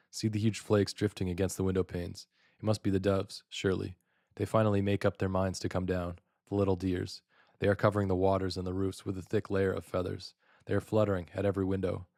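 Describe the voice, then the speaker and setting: A man's voice: sits low, a little mellow, dry recording, clean studio sound. A man narrating a first-person literary monologue in a brooding, theatrical confessional manner. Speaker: audiobook narrator.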